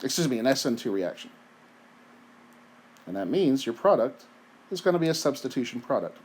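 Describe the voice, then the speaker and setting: A man's voice: medium pitch, big pitch swings, brisk, slightly rough. A man giving a recorded chemistry lecture in a conversational way, asking rhetorical questions and often checking in with "right?"; he has the hiccups. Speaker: chemistry teacher.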